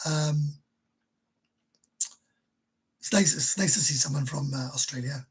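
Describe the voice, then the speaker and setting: A middle-aged man chats bluntly on a casual livestream. His voice is rough and husky and sits a little high for a man, and he swears freely as he talks. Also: normal speed, long pauses, poor audio. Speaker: livestream host.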